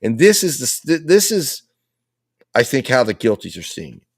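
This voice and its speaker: A man's voice: medium pitch, very animated, normal speed, breathy edge, no echo, studio quality. A man commenting on a live trial, laying out and arguing with the other side's case in a repetitive, persuasive way. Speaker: legal commentator.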